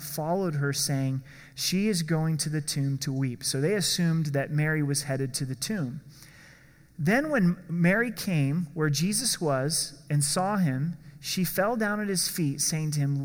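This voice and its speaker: A man preaching a sermon in an earnest way, slowing down to stress key words. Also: on the high side, in a large hall. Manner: earnest, slows down for emphasis. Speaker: pastor.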